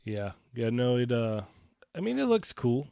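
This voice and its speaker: A man co-hosting a live toy collecting podcast, relaxed and agreeable, with hesitant restarts and questions for the others. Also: mid-range voice, unhurried, vocal fry, clean tone, no room sound, clean studio sound. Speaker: co-host of a toy collecting show. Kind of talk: casual live podcast chat.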